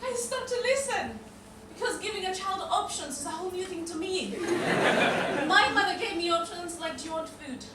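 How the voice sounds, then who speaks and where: A woman from Africa performing a stand-up comedy set, laughing often as she lands animated punchlines. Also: very high-pitched, normal speed, very noisy. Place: comedy club stage. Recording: echoey club from a distance. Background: audience laughter.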